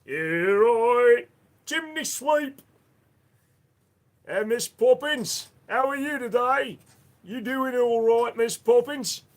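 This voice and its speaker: A man's voice: slow, pauses often. A man putting on an exaggerated mock Cockney voice as a cheerful male chimney sweep. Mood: jaunty. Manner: high-pitched, exaggerated, sing-song.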